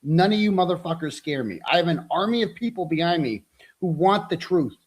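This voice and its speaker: A man's voice: a little high, lively intonation, a little fast. A frustrated, overwhelmed man hosting a livestream, ranting in a profane, combative, taunting way. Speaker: livestream host. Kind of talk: angry livestream rant.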